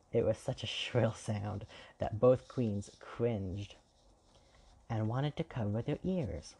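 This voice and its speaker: A man reading a fairy tale aloud in an even, measured way. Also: lowish voice, husky. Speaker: storyteller. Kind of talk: scripted fairy-tale narration.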